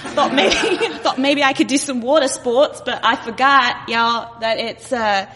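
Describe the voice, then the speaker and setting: A woman's voice: high voice, a little slow, a crowd in the background. A woman putting on an Australian accent to voice a cheery woman on vacation. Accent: Australian, put on. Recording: noisy live venue with long reverb.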